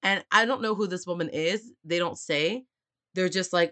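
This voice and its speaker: A woman's voice: lowish voice, moderate pace, fairly bright tone. A woman recapping a novel chapter in casual chat with friends, swearing freely and acting out the characters' lines. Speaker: book club co-host. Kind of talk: casual book discussion.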